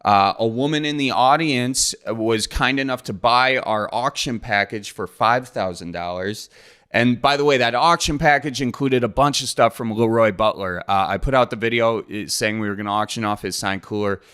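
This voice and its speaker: A man's voice: mid-range voice, moderate pace, a bit bright, clear, resonant tone. A man, hosting his podcast in a folksy, joking, rambling way. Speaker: podcast host. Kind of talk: casual solo podcast intro.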